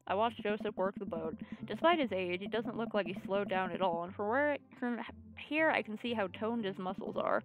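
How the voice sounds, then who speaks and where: A woman's voice: medium pitch, normal speed, narrow, tinny audio, soft background music. A woman streamer reading a video game aloud and playing it, with playful joking asides.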